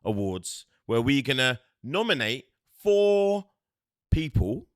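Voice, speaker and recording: A man's voice: medium pitch, very animated, slow pace. A man hosting a casual sports chat show, playful and teasing, leaning hard on his points. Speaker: show host.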